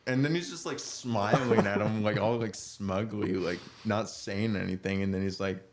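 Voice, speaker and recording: A young man with a fairly low-pitched voice co-hosts a laid-back podcast recap. He laughs often and slips into exaggerated voices when quoting people. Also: normal speed, a little hiss or hum. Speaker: podcast co-host. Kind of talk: casual reality-TV recap chat.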